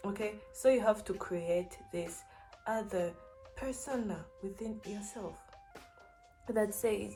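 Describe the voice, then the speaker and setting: Slow-talking young woman. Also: mid-range voice, mellow, soft background music. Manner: earnest, encouraging, peppered with "like" and "you know". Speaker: vlogger. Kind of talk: casual advice talk to camera.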